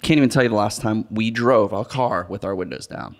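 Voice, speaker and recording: A man's voice: fairly low pitch, a little fast. A man in casual podcast chat, laid-back and slangy. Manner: laid-back, says dude and bro.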